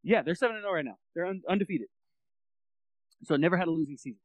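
A man co-hosting a sports podcast in loose, animated chat. His voice sits on the higher side for a man, and he often slips into acted-out quotes. The sound is dry and close with no room around it. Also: quick pace, no echo, low-quality recording. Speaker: podcast co-host.

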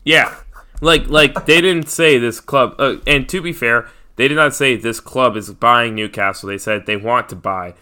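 A man's voice: medium pitch, a little slow, sharp tone, smooth. An American man co-hosting a podcast in casual chat, with lots of ums and fillers. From United States. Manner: chatty, lots of ums and likes. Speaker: podcast co-host.

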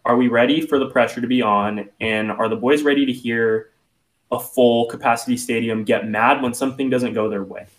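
A man on a sports podcast speaks candidly and casually, with the odd curse word. His pitch is ordinary and middle. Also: steady tone, a little fast. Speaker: podcast co-host.

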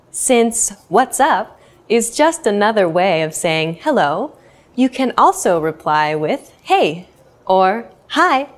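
A young woman teaching an English lesson, speaking slowly and clearly and repeating each phrase for learners. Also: mid-range voice. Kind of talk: scripted language lesson.

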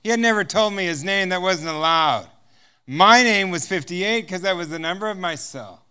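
A man's voice: high voice, lively intonation, normal speed, bright, forceful tone, clean tone. A man speaking as a guest speaker, telling a personal testimony and acting out the dialogue with frequent chuckles. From United States. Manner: storytelling that acts out dialogue, chuckling often.

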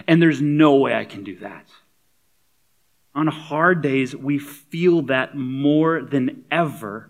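Guy pastor preaching, chatty and funny, gets emphatic, mid pitch. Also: takes it slowly. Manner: conversational, humorous, rising to emphatic. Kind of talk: sermon.

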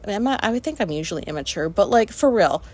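A woman's voice: mid-range voice, expressive, quick pace, darkish tone. A woman hosting a podcast, telling a casual story in a rambling way, with lots of fillers and free swearing. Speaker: podcast host.

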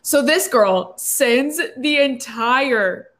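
A young woman in her twenties, telling a story in a casual chat with lots of fillers. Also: high voice. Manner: animated, quick storytelling with many fillers.

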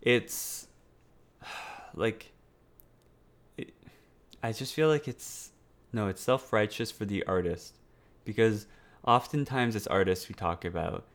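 A man's voice: lowish voice, slow, long pauses. Rambling man in casual chat. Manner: rambling, heavy on fillers and restarts; swears casually.

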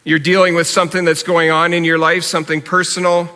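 A man's voice: on the high side, level tone, fast talker, pushed and bright. A man preaching a sermon as pastor, earnest and conversational, with repeated direct appeals to his listeners. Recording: long hall reverb.

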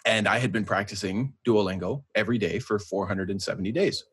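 A man's voice: fairly low pitch, fairly quick, husky. A young Canadian man co-hosting a podcast, telling jokey, rambling stories in casual chat. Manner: chatty, jokey, rambling storyteller. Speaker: podcast co-host.

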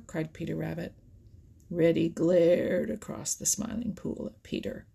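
Slow, husky woman reading a storybook. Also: on the low side. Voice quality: husky, gravelly. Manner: soft, often whispery delivery. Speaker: narrator. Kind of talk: storybook narration.

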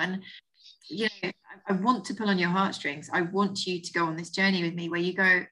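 A woman's voice: lowish voice, steady tone, brisk, pushed and bright, rough recording. A woman in her forties with an Essex accent, a vet talking through a story in a chatty, emotional way on a podcast. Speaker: guest vet. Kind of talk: podcast interview.

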